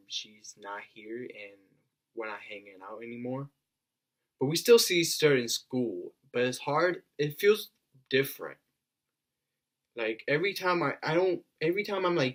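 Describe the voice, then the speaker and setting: A teenage boy talks straight to his viewers in a casual storytime vlog, earnest and rambling, stopping and restarting his sentences. His voice is bright and clear-toned, with an easy everyday pitch. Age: teens. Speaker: vlogger.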